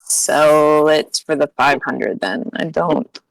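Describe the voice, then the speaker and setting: Slow, gravelly tabletop player. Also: mid-range voice, fairly even intonation, no echo, rough recording. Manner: hesitant, filler-heavy. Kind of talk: casual tabletop game chat.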